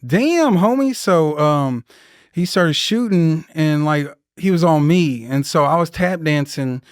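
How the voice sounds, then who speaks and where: A young man tells a war story in rough, profane, casual speech, with a higher pitch than most men. He leaps into loud voices for the people in it. His voice is smooth and clear in a dry, close room. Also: takes it slowly, no echo. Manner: profane, animated, acts out voices in his stories. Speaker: guest, Marine veteran.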